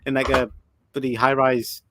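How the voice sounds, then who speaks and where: A man's voice: mid-range voice, flat delivery, normal speed, bright, forceful tone, slight background noise. A man co-hosting a movie livestream, laid-back and keeping the chat moving. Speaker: livestream co-host.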